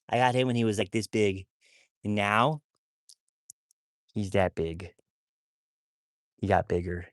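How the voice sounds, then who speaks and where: A man's voice: fairly low pitch, no echo, studio quality. A man chatting casually on a phone livestream about his wolfdogs. He rambles, repeats himself and talks to viewers as y'all.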